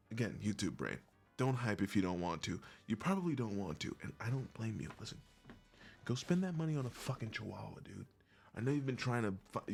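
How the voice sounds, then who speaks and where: A man with a fairly low voice chats loosely to his viewers, wandering between jokes and swearing with easy irreverence. He laughs at his own bits as he goes, and soft music plays faintly under him. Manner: rambling, profane and jokey, often laughing. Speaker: YouTuber. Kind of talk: casual vlog chat.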